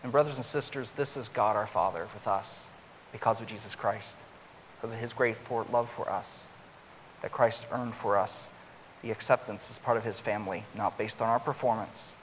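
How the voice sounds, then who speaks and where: A man's voice: fairly even intonation, normal speed. Man preaching in a reverberant hall. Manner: rises loud and high when acting out the older son's complaint. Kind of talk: sermon. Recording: long hall reverb with faint hiss.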